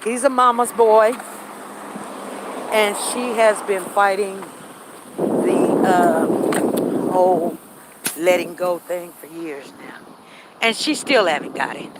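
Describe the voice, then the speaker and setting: A woman's voice: mid-range voice, slow, pauses often, background noise. A woman hosting a live stream, talking candidly and repeating herself as she walks outdoors through a neighborhood. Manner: candid, repetitive, reads chat comments aloud. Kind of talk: casual chat while walking.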